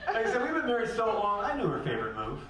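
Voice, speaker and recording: A man performs a brash, punchy stand-up set and acts out the people in his stories. His pitch swings widely. The sound is a distant, very echoey club recording with loud background noise. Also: wildly swooping pitch, racing. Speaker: stand-up comedian.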